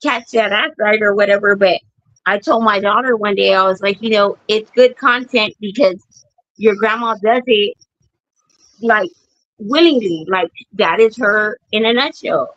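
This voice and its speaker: A woman's voice: medium pitch, measured pace, fairly bright tone, dry recording, lo-fi sound. A woman co-hosting a casual streamed chat, candid and laughing as she tells family stories. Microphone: streaming mic.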